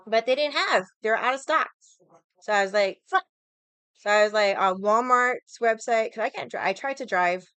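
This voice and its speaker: A woman's voice: fairly high pitch, animated, normal speed, fairly bright tone, smooth, no room sound. A young woman chatting casually with viewers on a livestream, rambling, swearing freely and laughing often. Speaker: livestream vlogger.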